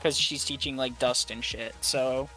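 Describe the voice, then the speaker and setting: A player in a tabletop game rambles casually at a mid pitch, scattering "like" through every sentence. Faint music plays behind the talk. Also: steady tone, unhurried, poor audio. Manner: rambling with many likes.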